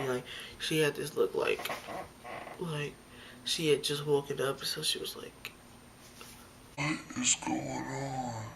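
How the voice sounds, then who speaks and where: A woman's voice: sits low, fairly bright tone, a little hiss or hum. A young woman vlogger telling a story to her camera in a chatty way, full of "like" and acted-out lines. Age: young adult. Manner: chatty, fillers like "like", acts out her own lines. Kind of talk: storytime vlog. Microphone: phone or camera close by.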